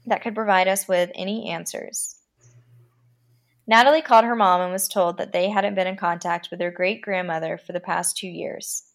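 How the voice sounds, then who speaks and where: A podcast host reads horror fiction aloud in a creaky voice of middling pitch. She gives it a dramatic reading and lets the creepy passages slow down.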